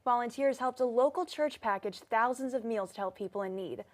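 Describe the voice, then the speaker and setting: A woman reading news briefs as anchor in a steady, plain way. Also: a little high, fairly quick.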